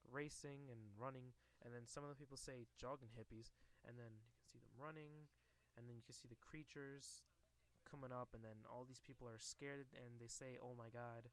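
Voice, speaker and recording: A man's voice: mid-range voice, steady tone, moderate pace. A man casually reading a comic book aloud to a camera, hesitant with many fillers and restarts.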